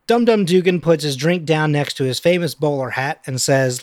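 A man casually recapping a film scene, playfully reading out the dialogue in quick voices. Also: a little high, no room sound, clean studio sound.

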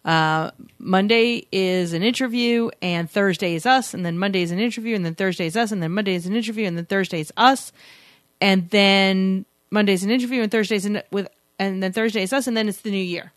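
A woman's voice: mid-range voice, a little fast, no echo, studio quality. A woman co-hosting a podcast, chatting casually and teasing her co-host, often rambling and contradicting him. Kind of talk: casual banter and interview.

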